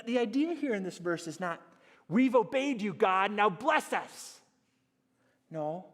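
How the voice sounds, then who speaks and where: A man preaching a sermon as pastor, animated and storytelling, acting out little scenes and dropping to a hush on key points. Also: high voice. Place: church sanctuary. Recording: church hall reverb.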